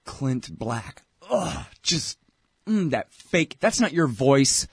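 A man hosting his own show, ranting in an exasperated, opinionated way, with loud outbursts that drop to mutters. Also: medium pitch, big pitch swings, slow pace, creaky, husky, no echo, studio quality. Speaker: show host. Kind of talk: opinionated political commentary.

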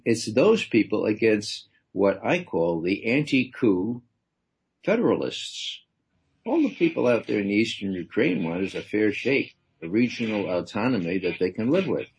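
An older man who is a guest on a radio show, speaking in a measured, hesitant way over a phone line. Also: on the low side, sing-song, a little mellow, breathy edge.

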